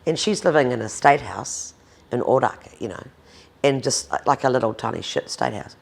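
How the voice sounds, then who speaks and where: Blunt, gravelly New Zealand woman. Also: extremely low pitch, animated, normal speed. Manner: blunt, emphatic, swears freely. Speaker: interviewee, domestic violence advocate. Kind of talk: candid conversational interview.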